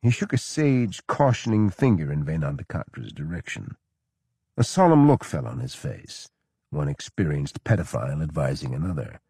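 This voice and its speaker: Deep-voiced man narrating a story. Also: sing-song, normal speed, mellow, breathy edge, no echo, studio quality. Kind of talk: audiobook narration.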